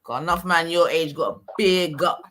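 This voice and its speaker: A man's voice: a little high, normal speed, a bit bright, a little hiss or hum. A man in casual, hesitant, slangy podcast chat. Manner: hesitant, filler-heavy, slangy.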